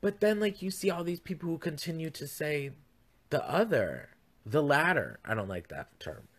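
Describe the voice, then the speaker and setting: A man's voice: a little high, sing-song, normal speed. A young man hosting his own podcast from home, talking in a campy, rambling, chatty way full of asides. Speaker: podcast host. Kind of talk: casual chat. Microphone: podcast mic.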